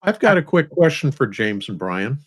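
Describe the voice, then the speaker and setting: A man's voice: mid-range voice, very animated, moderate pace, fairly bright tone, breathy edge. Man asking a formal question. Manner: formal, precise wording. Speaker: panelist.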